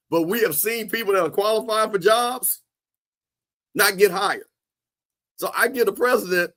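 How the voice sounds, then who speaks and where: A man hosting a casual livestream, joking and talking straight to his viewers in the chat. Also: sits high. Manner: animated, joking, talks to chat. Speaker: livestream host.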